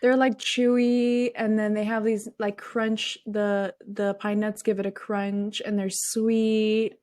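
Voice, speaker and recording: A woman's voice: medium pitch, flat delivery, takes it slowly, darkish tone, no echo, studio quality. A young woman co-hosting a casual podcast chat, teasing her co-host and gushing about food.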